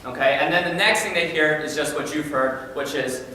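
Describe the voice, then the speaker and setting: A male high school science teacher giving an energetic, animated conference presentation, often repeating words as he starts a sentence. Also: normal speed, hardly any pauses. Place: large conference room. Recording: echoey hall from far off, faint noise.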